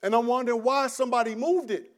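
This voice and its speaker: Brief: middle-aged man, preacher, high-pitched, casual sermon, restarts, rises loud then drops to a hush. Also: quick pace. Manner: animated, many restarts, swings between loud and hushed. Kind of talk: conversational sermon.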